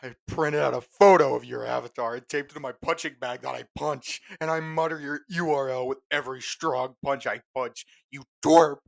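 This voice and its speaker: A man's voice: medium pitch, fairly even intonation, normal speed, vocal fry, few pauses, no room sound, voice pushed up, close to an everyday voice. A man ranting as a furious online hothead. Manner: shouting, threatening.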